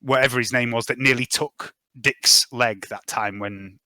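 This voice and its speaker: A man running a tabletop game as game master, briskly tallying dice and narrating gory combat. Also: mid-range voice, fairly even intonation, bright, forceful tone, dry recording. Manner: brisk, swearing, tallies dice aloud.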